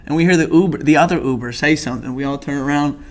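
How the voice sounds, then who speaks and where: A young man hosting a podcast, telling a story in casual chat with laughs and quick self-corrections. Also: fairly high pitch. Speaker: podcast host.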